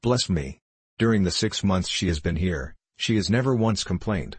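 A man reading the part of an indignant, gossiping female house servant in an audiobook, with a low, husky voice. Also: animated, normal speed, dry recording, exaggerated voice. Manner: complaining, sneering.

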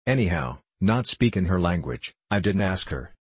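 A kindly old sea captain from a storybook, meek and fond, voiced by a man who drawls his words in a rustic way and drops his endings. The voice sits very low and slightly husky. It is dry and close. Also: big pitch swings, moderate pace, no echo, exaggerated voice.

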